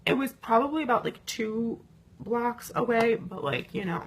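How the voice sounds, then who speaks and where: Here a fairly high-pitched young woman talks at a normal speed over a faint hiss or hum, recounting her night out for a casual vlog. Her delivery is lively and profane, thick with "like" and other fillers.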